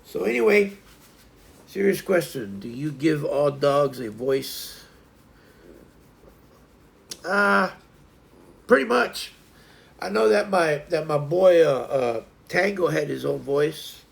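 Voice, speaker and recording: Man, livestream host, casual rambling chat, gravelly voice, home with dogs. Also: on the high side, expressive, slow, pauses often. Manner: rambling, loose grammar, talks to his dogs.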